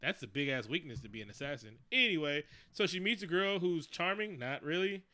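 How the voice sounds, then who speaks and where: A man casually recapping a movie with a co-host, talking in an animated, profane, jokey way. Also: on the high side, fairly quick. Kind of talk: casual chat.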